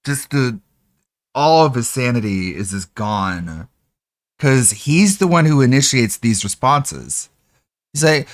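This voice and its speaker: Dude roasting another streamer, swearing, doing mocking voices, dry close sound. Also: male voice, medium pitch, lively intonation, takes it slowly, no room sound. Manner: sarcastic, profane, mocking impressions. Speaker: streamer reacting to clips. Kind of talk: mocking reaction commentary.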